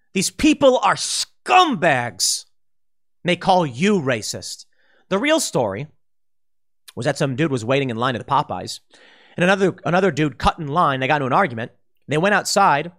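A man's voice: fairly high pitch, a bit bright. A man giving opinion commentary in an exasperated, combative ranting manner. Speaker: political commentator.

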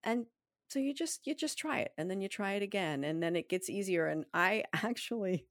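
A middle-aged woman co-hosting a casual chat, animated and joking, laughing often. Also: medium pitch, a little fast, dry recording, clean studio sound. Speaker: podcast co-host.

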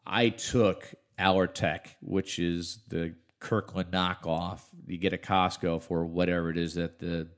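A man's voice: sits low, flat delivery, measured pace, hardly any pauses. A middle-aged man, a radio host, rambling chattily through a solo podcast while sounding congested from allergies. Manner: chatty, rambling, self-interrupting. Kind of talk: casual podcast monologue.

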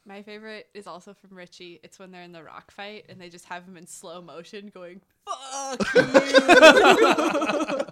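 A woman's voice: on the low side, fairly even intonation, fairly quick, few pauses, a bit bright. A woman on a casual movie podcast, dropping in dry, joking remarks. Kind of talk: casual film review chat.

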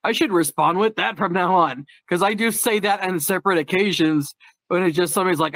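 A man's voice: high voice, a little fast, fairly bright tone, no echo. A man chatting casually on a podcast, telling stories in a candid, darkly humorous way, often laughing. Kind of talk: casual chat.

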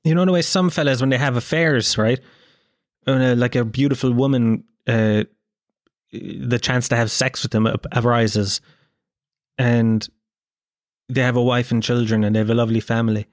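A man in his thirties with an Irish accent, a comedian telling a story in casual chat, animated and swearing freely. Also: medium pitch, moderate pace, pauses often, dry recording, clean studio sound. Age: 30s. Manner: animated, swearing, acts out quoted voices.

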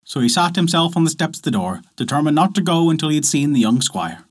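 A man narrating a folk tale in an expressive, storybook manner. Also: on the high side, fast.

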